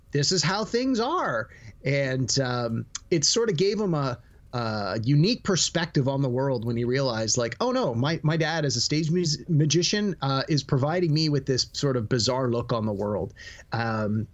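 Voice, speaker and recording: A man co-hosting a podcast, telling stories in a rambling, animated way with lots of fillers. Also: medium pitch, muffled recording. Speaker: podcast co-host. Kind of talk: casual podcast chat.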